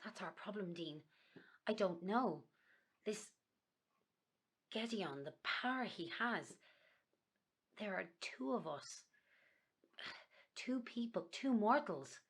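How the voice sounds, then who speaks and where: An actress with an Irish accent playing a rambling, conspiracy-minded woman in a game, ranting fast about cover-ups. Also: medium pitch, expressive. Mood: worried. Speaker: game character. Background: game music.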